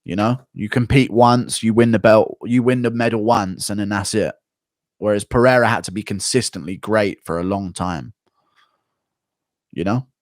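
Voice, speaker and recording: A man's voice: on the low side, dry recording. Profane ranting young man streamer, dry sound. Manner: profane, ranting, quick to flare up. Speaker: livestream host. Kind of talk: casual livestream chat reading donations.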